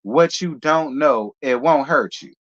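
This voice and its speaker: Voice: medium pitch, a little slow, highs cut off. A gossip show host giving casual, blunt and rambling commentary on the news.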